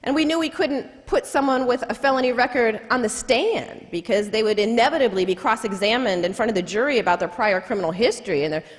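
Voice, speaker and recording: A woman's voice: a little high, fast, hardly any pauses. A woman who is a civil rights lawyer, telling a personal story in a public lecture in a college hall, emphatic and repeating key lines for effect. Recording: echoey hall with long reverb.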